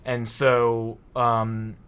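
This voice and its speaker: A man, an artist, speaking on a podcast in a halting, thoughtful way with many restarts. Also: mid-range voice, monotone, fairly bright tone, clean tone. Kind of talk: casual chat.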